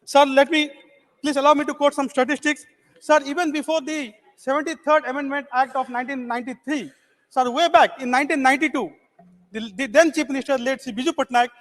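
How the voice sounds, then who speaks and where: A man delivers a formal speech on the floor of a parliament, opening almost every phrase with "sir". His voice sits unusually high for a man. It carries the long, hanging reverb of a large legislative chamber. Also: a bit bright. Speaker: member of parliament.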